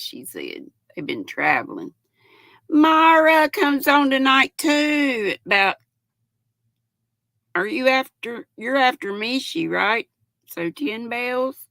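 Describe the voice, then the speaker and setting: An older woman, hosting a casual livestream, reading out viewers' comments and greeting them warmly as honey and sweetheart, her voice cracking now and then. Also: medium pitch, vocal fry, dry recording. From North Carolina. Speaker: livestream host.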